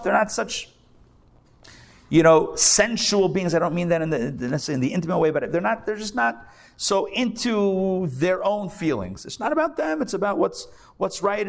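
A rabbi teaches a live class in an academy classroom before an audience, in a recorded lecture. His voice sits high and gravelly, and he talks conversationally, repeating phrases for emphasis.

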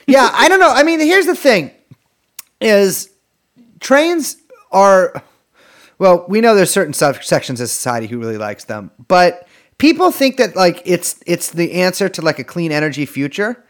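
A podcast co-host chatting casually with a sardonic, rambling manner and frequent laughter. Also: male voice, high-pitched, big pitch swings, moderate pace. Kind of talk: casual chat.

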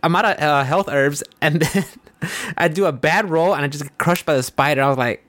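A man's voice: fairly high pitch, a little fast, fairly bright tone, dry recording. A man co-hosting a podcast, chatting casually in rambling, slangy, profane stories. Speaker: podcast co-host. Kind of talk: casual chat.

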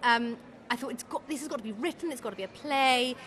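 A woman's voice: sits high, fast talker, a bit bright, a little hiss or hum. A woman in casual chat, dry and incredulous, with wry asides.

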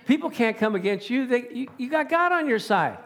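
Male preacher with a high voice, lively delivery, frequent laughs and calls of "amen?". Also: brisk. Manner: animated, chuckling, calling out "amen?" to the congregation. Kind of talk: sermon.

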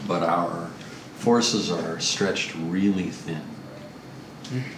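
A man doing a stern woman commander who briefs her allies slowly and gravely, in a very deep voice. The sound is roomy and picked up from a distance, with steady background noise underneath. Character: stern female military leader under siege.

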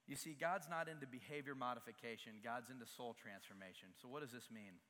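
Earnest young man preaching in a bright, echoing hall. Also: medium pitch, brisk. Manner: earnest and confessional, rising to emphatic peaks. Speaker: pastor. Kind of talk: sermon. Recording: long hall reverb.

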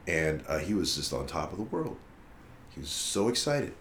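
This low-voiced man, a musician guest, speaks at normal speed in an echoey room with slight background noise. He's spinning a long story for a casual interview, swearing plenty and voicing the quoted dialogue of others with animated energy.

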